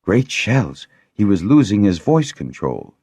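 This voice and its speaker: A man narrating an audiobook in a measured, expressive reading. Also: fairly low pitch, breathy edge, no room sound. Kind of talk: scripted narration.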